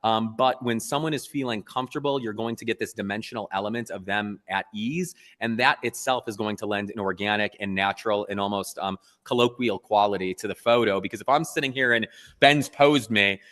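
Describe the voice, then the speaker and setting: Earnest low-voiced man in a reverberant room. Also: brisk. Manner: earnest, animated storytelling. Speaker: photographer interview guest. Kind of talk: casual interview talk.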